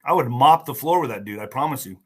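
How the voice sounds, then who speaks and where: A man hosting a political livestream, talking in an excitable, mocking, rambling way with many asides. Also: medium pitch, fast, husky. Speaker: livestream host.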